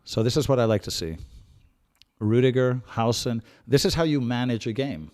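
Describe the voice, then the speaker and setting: A man hosting a live match watch-along, calmly analysing tactics and breaking into excited outbursts at big plays. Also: mid-range voice, moderate pace. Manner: chatty, repeats himself and restarts phrases. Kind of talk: live fan match commentary.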